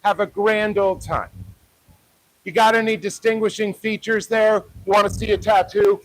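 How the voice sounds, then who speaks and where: A man's voice: high voice, steady tone, moderate pace, low-quality recording. A man livestreaming a street protest outdoors, heckling and taunting people with profanity. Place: outdoors by a parking lot.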